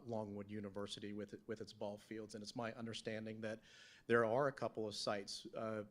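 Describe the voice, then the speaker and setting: A man on the town staff presenting slides at a council work session, halting, with many fillers and restarts. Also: on the low side. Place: council meeting room.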